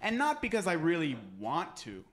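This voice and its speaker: A man's voice: sits high, wildly swooping pitch, normal speed, fairly bright tone. A young man doing stand-up comedy at a live show, telling a rambling, self-deprecating story with many restarts. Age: young adult.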